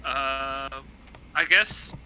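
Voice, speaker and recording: Bright-voiced man playing a tabletop game. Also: mid-range voice, extremely slow, a little hiss or hum, rough recording. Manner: chatty, questioning, hesitant. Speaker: player. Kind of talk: casual tabletop game chat.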